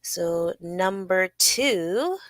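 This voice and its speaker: A woman's voice: on the low side, expressive, extremely slow, no echo. A woman hosting a casual solo podcast, chatty and loose, often laughing and adding playful sound effects. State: sore from working out. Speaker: podcast host.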